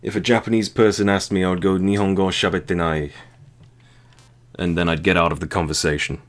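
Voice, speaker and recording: A low-voiced man talks fast through a sore, dry throat while playing a video game. He's a streamer doing casual let's-play commentary, joking and rambling crudely.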